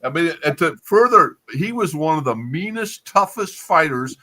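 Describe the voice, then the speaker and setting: A man hosting sports talk radio, chiming in with lively anecdotes. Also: on the high side, normal speed. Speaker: radio host.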